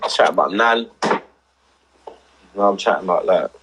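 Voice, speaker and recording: A drunk young man with a deep voice hosts a casual livestream, rambling emotionally at a moderate pace and using heavy street slang. There's background noise.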